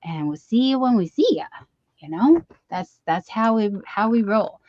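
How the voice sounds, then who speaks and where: A woman's voice: mid-range voice, expressive, moderate pace, no echo, lo-fi sound. Chatty, easily sidetracked middle-aged woman. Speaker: livestream host. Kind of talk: casual live-stream chat. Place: at home. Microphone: computer mic for a live stream.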